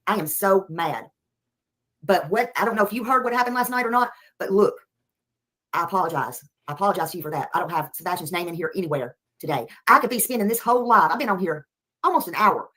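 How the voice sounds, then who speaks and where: A woman's voice: lowish voice, animated, fast, a bit bright. A woman ranting on her livestream, repeating herself as she thanks viewers. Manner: heated, repetitive, thanking viewers between outbursts. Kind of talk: angry livestream rant.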